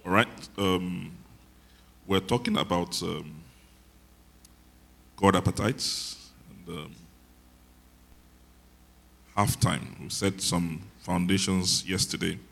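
A man preaches in a deep, low voice. He teaches softly and conversationally rather than shouting, and jokes about himself along the way. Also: fairly even intonation, slow pace, gravelly, long pauses. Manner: soft-spoken, conversational teaching, self-deprecating humor. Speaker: pastor. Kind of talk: sermon.

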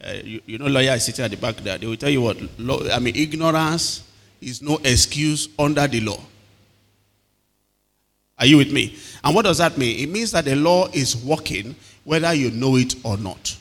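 Bright-voiced preacher in a reverberant hall. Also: male voice, mid-range voice, moderate pace, gravelly. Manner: calls to the congregation for responses. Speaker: pastor. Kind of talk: sermon.

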